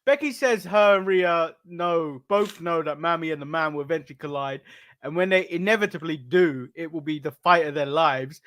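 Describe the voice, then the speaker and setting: English guy co-host, high voice, laughs easily, casual recap chat. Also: moderate pace, a bit bright. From England. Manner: laughs often, recaps events in a loose, chatty way. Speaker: podcast co-host.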